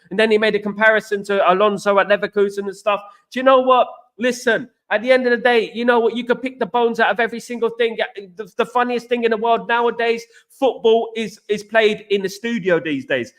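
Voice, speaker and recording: High-voiced man ranting passionately. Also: fairly bright tone. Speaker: football channel host. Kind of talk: live-stream chat answering viewer comments.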